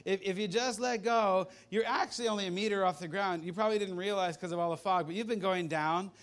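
A preacher putting on a high calm Swiss climber. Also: male voice, fast, lightly acted. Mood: reassuring. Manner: reassuring, knowing. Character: calm Swiss male mountain climber, helpful guide.

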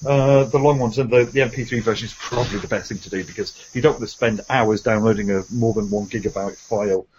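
A man's voice: lowish voice, steady tone, fast talker, darkish tone, muffled recording, a little hiss or hum. A man hosting a casual group podcast, joking and rambling with fillers. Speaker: podcast host.

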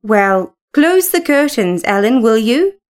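A woman's voice: on the high side, big pitch swings, slow. A woman reading the part of an impulsive young wife who speaks carelessly and breathlessly, in a storybook reading.

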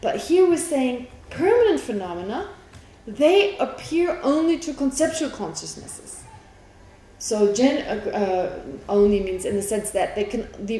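Woman teaching philosophy, mellow and high, patient and chatty, recorded in a roomy class with faint noise. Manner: explanatory, asks the class questions, laughs easily. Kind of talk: classroom lecture. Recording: echoey room with faint background noise.

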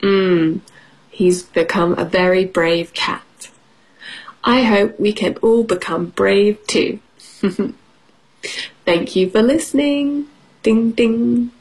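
A woman's voice: medium pitch, slow pace, pauses often, husky, low-quality recording. A woman teacher reading a picture book aloud to children, encouraging them and asking questions. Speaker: English teacher.

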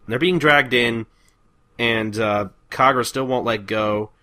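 A man hosting a podcast, talking over manga pages in a relaxed, casual way with lots of "uh" fillers. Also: lowish voice, a little slow. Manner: relaxed, filler-heavy, chuckles along. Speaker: podcast host.

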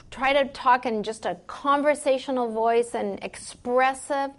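A woman's voice: on the high side, creaky. A woman leading a group workshop on memorizing Bible verses, chatty and encouraging, full of "like" and "you know". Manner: reads scripture aloud slowly. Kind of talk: classroom instruction to a group.

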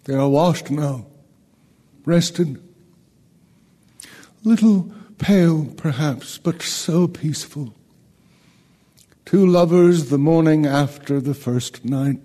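A man's voice: a little high, takes it slowly, pauses often, mellow. An older actor playing a weary, grieving old king in a radio play, with bitter irony. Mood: somber. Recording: long hall reverb.

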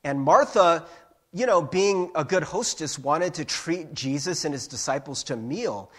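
A male preacher with a high voice that leaps up and down as he talks. He preaches in an animated, playful way and sounds engaged with the room. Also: a little slow. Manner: animated and playful, with laughs and sung bits. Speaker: pastor. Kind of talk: sermon.

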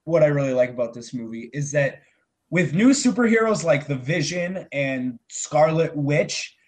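A young man with a slightly higher voice talks through a movie review in an energetic, casual way. He swears freely and gets worked up about what he liked. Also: normal speed. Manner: excitable, swearing, laughing often.

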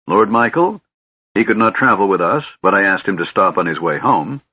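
A man voicing a weary middle-aged male lord who gives brisk, commanding orders. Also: lowish voice, sing-song, slightly rough, muffled recording.

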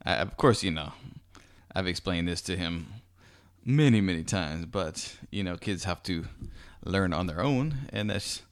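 A man's voice: low-pitched, lively intonation, unhurried. An American man hosting his own podcast, chatting in an easygoing, rambling way with plenty of fillers and restarts. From United States. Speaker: podcast host. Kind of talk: casual solo podcast chat.

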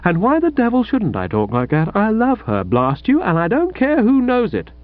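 A man doing a lovestruck, peevish young gentleman. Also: high voice, wildly swooping pitch, normal speed, no room sound, narrow, tinny audio, pitched above the performer's own voice. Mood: defiant.

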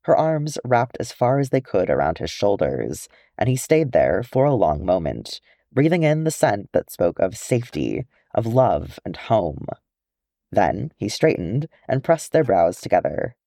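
A man reading a fan fiction chapter aloud in an expressive storytelling manner. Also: fairly low pitch, measured pace, vocal fry, no echo, studio quality. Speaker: audiobook reader.

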